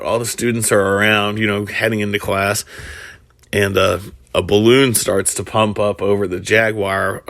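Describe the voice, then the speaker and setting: A man's voice: lowish voice, gravelly, a bit bright, dry recording, clean studio sound. A man casually retelling a film plot as a comedic storyteller, rambling with many fillers and restarts.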